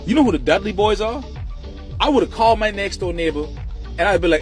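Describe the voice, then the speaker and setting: A man's voice: high-pitched, quick pace, soft background music. A man giving blunt, profane commentary, ranting to viewers. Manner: blunt, animated, heavy cursing. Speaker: commentator reacting to a viral video.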